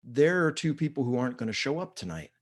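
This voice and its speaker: A friendly attendant with a clipboard, voiced by a male storyteller speaks casually and matter-of-factly. His voice sits at an everyday mid pitch. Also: sing-song, quick pace. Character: friendly man with a clipboard at the door.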